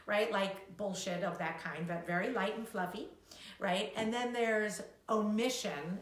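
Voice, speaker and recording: A woman co-hosting a live talk, animated and quick to act out little quoted voices, swearing freely. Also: medium pitch. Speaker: co-host, coach. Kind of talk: live-streamed casual talk. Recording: echoey room.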